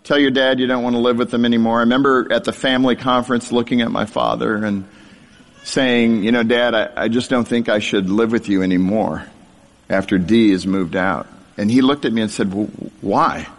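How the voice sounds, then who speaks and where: A middle-aged man tells an audience about his childhood, poking fun at himself and laughing along the way. His medium-pitched voice is brisk with fairly even intonation, and the sound suggests a big room.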